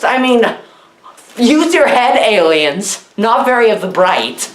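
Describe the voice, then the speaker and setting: A woman's voice: medium pitch, animated, unhurried, echoey room. A woman giving a rambling comedic movie review, talking with mock seriousness and repeating "what? what?" and "y'all".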